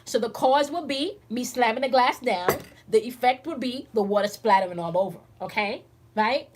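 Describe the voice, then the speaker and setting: A woman's voice: fairly high pitch, moderate pace. A woman hosting a casual spiritual teaching stream, talking emphatically and bluntly with lots of swearing, constantly checking in with her listeners. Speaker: spiritual teacher and channel host.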